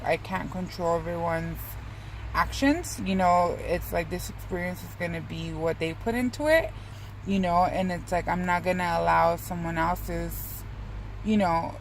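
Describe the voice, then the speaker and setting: Young woman talking thru her rough morning, swears a lot, gravelly fry in her voice, faint car hum behind. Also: on the low side, low-quality recording. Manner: rambling, profane, self-mocking. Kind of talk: casual reflective vlog.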